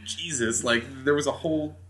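Over a noisy crowd, a man speaks fairly quickly at a medium pitch. He's from New Hampshire and appearing on a podcast, where he animatedly recounts a story in casual chat and acts out what people said.

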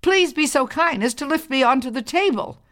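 A woman's voice: high voice, lively intonation, moderate pace, a bit bright, voice pushed up. A woman voicing a polite talking loaf of bread in a storybook. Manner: polite, pleading.

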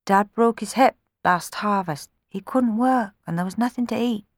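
A woman's voice: mid-range voice, normal speed, dry recording, voice pushed up, natural voice. A woman voicing a poor, timid little boy chimney sweep who speaks in a small, plaintive way.

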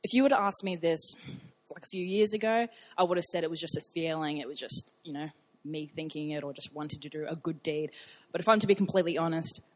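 A woman's voice: deep voice, fast talker. Chatty young woman telling a testimony. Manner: chatty, many fillers and restarts, acts out dialogue. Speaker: church member giving testimony. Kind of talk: casual storytelling testimony. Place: church service.

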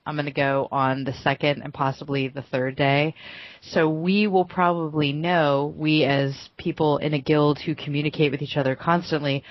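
A woman's voice: low voice, level tone, moderate pace, dry recording, muffled recording. A woman co-hosting a casual gaming podcast, bubbly and giggly, talking with enthusiasm. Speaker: podcast co-host. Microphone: home podcast microphone.

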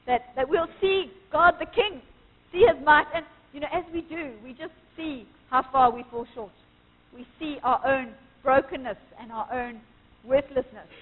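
A woman's voice: sits high, husky. A woman preaching a sermon at a church service, earnest and emphatic, quoting scripture with rising force. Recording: tinny phone-like sound with long church reverb.

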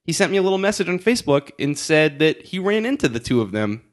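A man's voice: on the high side, sing-song, fast talker. A man telling a story in casual chat, laughing often and acting out quotes. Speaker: podcast co-host telling a story.

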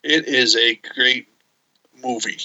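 A male podcast co-host with a very bright, sharp voice, talking in halting, stop-start phrases. He speaks with enthusiasm in casual chat. The sound is a bit dull and lo-fi. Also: mid-range voice. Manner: halting, many fillers and restarts, enthusiastic.

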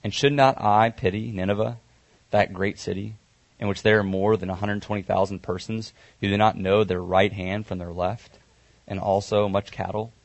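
A man doing a calm, patient voice of God. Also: fairly low pitch, moderate pace, vocal fry, no room sound. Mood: gentle.

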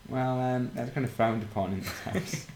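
A man's voice: mid-range voice, steady tone, moderate pace, darkish tone. A man chatting while playing a game, teasing and mock-scolding his friend. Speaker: gamer. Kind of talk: casual gaming chat. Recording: roomy home mic with faint noise.

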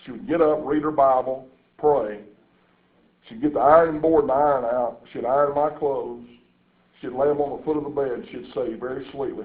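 A man's voice: mid-range voice, moderate pace. A man preaching a sermon to a congregation, telling folksy stories and turning to the listeners with asides. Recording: echoey room over a tinny phone-like line.

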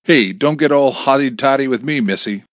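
A man's voice: medium pitch, moderate pace, a bit bright, no room sound, studio quality, pitched above the performer's own voice, lightly acted. A man doing a taunting sarcastic kidnapper. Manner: taunting, mocking, cruel. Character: menacing sarcastic male kidnapper on phone.

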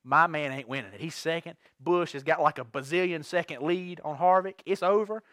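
A man preaching a sermon to his church, telling stories with big swings from quiet asides to shouts. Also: on the high side, fairly quick, no echo, studio quality. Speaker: pastor.

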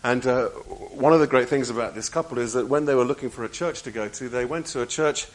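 A man preaching a sermon, moving between raised emphatic lines and hushed, quiet passages and repeating key phrases. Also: mid-range voice, brisk, rough recording.

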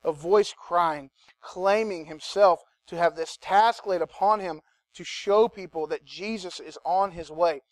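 Speaking in an unhurried way, this preacher addresses his congregation head-on with animated, chatty energy. He has a fairly high male voice, captured up close in a dry space with hardly any room reverb.

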